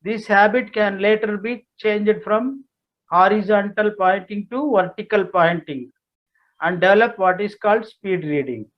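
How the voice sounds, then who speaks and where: A man giving an informal talk to parents, explaining slowly and plainly and repeating words for emphasis. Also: high-pitched, muffled recording. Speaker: speaker on parenting and child education.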